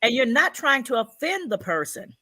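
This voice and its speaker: A woman's voice: a little high, sing-song, moderate pace, pushed and bright, no room sound, clean studio sound. A woman on a relationship panel, speaking directly and vocally. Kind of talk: casual panel chat.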